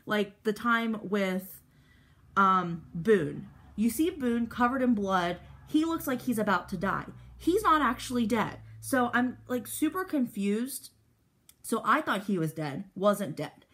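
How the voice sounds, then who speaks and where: A young beauty vlogger chats casually while applying makeup, rambling with plenty of fillers and growing animated when excited. Her voice is mid-range and she speaks slowly.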